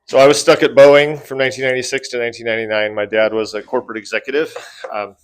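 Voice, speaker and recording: A man who works as a financial advisor, sharing his background with a group in an event room. He talks in a conversational way and fills his pauses with ums and uhs. His voice sits in the middle range for a man. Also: mid-range voice, level tone, clear, resonant tone. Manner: conversational, with fillers. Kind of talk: personal story told to a group.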